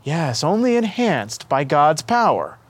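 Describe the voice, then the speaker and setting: A man voicing a gentle, affectionate young boy saint who speaks earnestly and kindly to an old friend. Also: a little high, very animated, unhurried, slightly rough, exaggerated voice.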